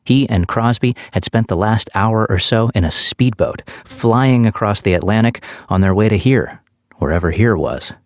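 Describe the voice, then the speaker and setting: Male audiobook narrator, low voice, steady measured read, dry close mic. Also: dry recording.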